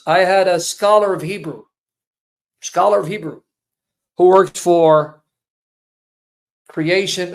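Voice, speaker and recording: A man's voice: fairly high pitch, gravelly. A man in his fifties giving an emotional personal testimony, speaking emphatically and repeating phrases for weight. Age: 50s. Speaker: Christian apologist giving a testimony.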